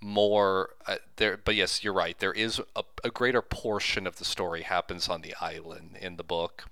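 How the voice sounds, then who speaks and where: A man with a low, bright and clear voice picks apart a film in casual chat. His take is dry and critical, and he restarts his sentences as he goes. The sound is close and dry. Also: steady tone, moderate pace, no room sound. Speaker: podcast co-host reviewing a film.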